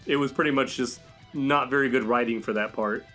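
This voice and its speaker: A man hosting a casual podcast, reading out viewer comments and chatting about superhero movies with an animated, expressive delivery. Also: medium pitch, brisk, soft background music. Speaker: podcast host.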